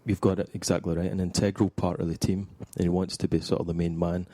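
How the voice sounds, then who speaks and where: A man giving football opinions on a podcast, measured and thinking aloud. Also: low-pitched, little pitch movement, mellow, no room sound. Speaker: football expert guest. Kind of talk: casual football panel chat.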